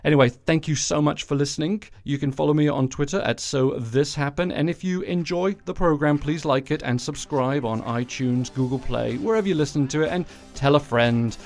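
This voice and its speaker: Sarcastic, sweary podcast host. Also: male voice, mid-range voice, no echo. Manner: sarcastic, sweary, rambling asides. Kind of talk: casual solo political rant.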